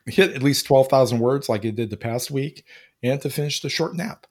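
A man co-hosting a writing podcast, talking in a thoughtful, unhurried way and searching for words. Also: medium pitch. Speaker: podcast co-host. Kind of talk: casual chat.

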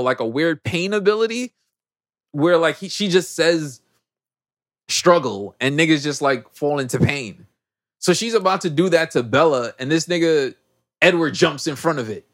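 A man hosting a podcast, recapping a movie in a casual, animated, slangy way. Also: a little high. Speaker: podcast host.

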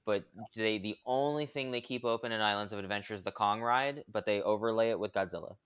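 A man co-hosting a podcast in a casual group chat, talking in a relaxed, rambling way with fillers. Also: fairly low pitch, quick pace, smooth, dry recording. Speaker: podcast co-host.

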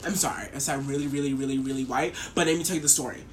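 A young woman co-hosting a podcast, telling a story in casual chat with animated, profane ranting. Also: very deep voice, very fast, slight background noise. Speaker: podcast co-host.

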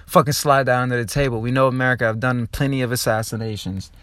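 A young man from New Jersey hosting his own podcast, ranting in a profane, rambling and excitable way. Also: mid-range voice, brisk, no echo, clean studio sound. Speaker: podcast host. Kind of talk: casual podcast monologue.

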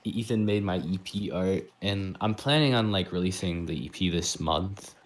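A man's voice: low-pitched, normal speed. A young man chatting casually with friends, laid-back, dropping "like" into almost every sentence. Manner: laid-back, says "like" a lot, laughs easily. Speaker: musician and co-host. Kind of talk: casual chat among friends.

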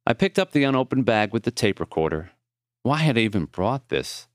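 A man reading his own memoir as audiobook narration, measured and tender. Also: fairly low pitch, big pitch swings, no room sound, clean studio sound.

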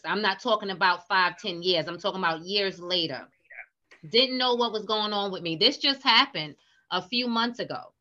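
A middle-aged woman speaks candidly about her own experience, open and vulnerable, circling back to repeat herself. Her voice is bright and forward. The recording is somewhat dull and lo-fi. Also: medium pitch. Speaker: guest sharing personal story. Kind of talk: candid personal storytelling.

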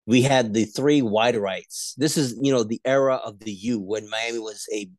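A man co-hosting a casual sports podcast, debating rivalries and jumping high in pitch when he argues. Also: normal speed, dry recording. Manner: animated, pitch jumps high when arguing.

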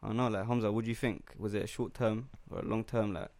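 A man's voice: lowish voice, steady tone, fast talker, darkish tone, dry recording. A young man hosting a podcast, steering the chat and reading out the questions in a casual way. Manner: steers the talk, reads out the questions. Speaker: podcast host.

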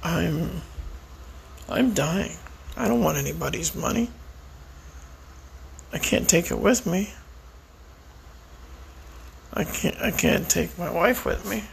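Worn-out man, raspy and creaky, pitched a little high, speaking a quiet, reflective personal monologue. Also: expressive, a little hiss or hum, low-quality recording. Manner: slow, reflective, prayerful. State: tired and weak. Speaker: vlogger.

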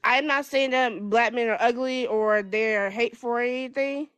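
A young woman speaking as a guest in casual chat, with a stutter that breaks her speech into halting restarts. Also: a little high, a bit bright, clear, resonant tone, no echo.

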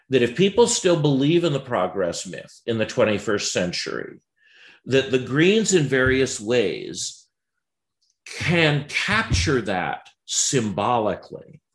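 A man's voice: medium pitch, fairly bright tone. A man giving an unscripted political commentary, wry and digressive, with many ums and uhs.

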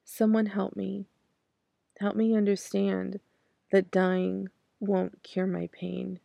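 A woman in her thirties recites poetry in a slow, measured way, her voice heavy with vocal fry. Her tone is dark and mellow, and the recording is dry and close with no room sound. Between poems she speaks in hesitant asides. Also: medium pitch, completely flat delivery, no room sound. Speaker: podcast host. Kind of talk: poetry recitation and personal commentary.

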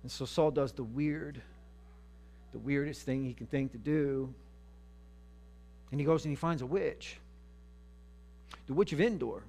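A man's voice: medium pitch, measured pace, pauses often, a little mellow. A man preaching a sermon, retelling scripture in a casual, humorous storytelling manner. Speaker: pastor.

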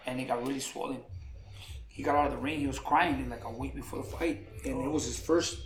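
A man, a boxing coach, telling stories in a relaxed way during a casual interview, often repeating words as he goes. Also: medium pitch, fairly quick. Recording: echoey room with faint music.

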